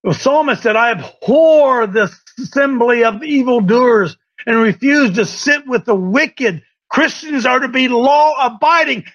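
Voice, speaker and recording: A male preacher with a strikingly high voice delivers a fiery sermon, rising to shouts and then dropping into hushed asides. The recording is dull and lo-fi. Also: lively intonation, measured pace, few pauses. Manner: impassioned, swinging between shouting and hushed asides.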